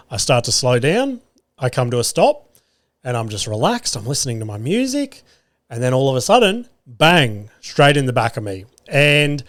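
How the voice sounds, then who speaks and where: Aussie guy rambling a sweary podcast story, middle pitch, dry close sound. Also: no room sound. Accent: Australian. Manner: swears a lot, rambling and animated. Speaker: podcast host. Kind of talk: casual storytelling monologue.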